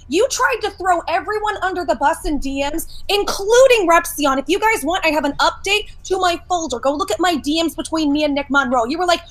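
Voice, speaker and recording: High, bright woman ranting furiously. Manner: profane, shouting, combative. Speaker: guest in a livestream debate. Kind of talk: heated call-out rant.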